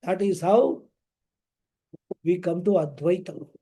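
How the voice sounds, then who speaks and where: A man teaching a scripture class, explaining slowly and chanting Sanskrit verses. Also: high voice, mellow. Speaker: spiritual teacher. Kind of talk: scripture lecture.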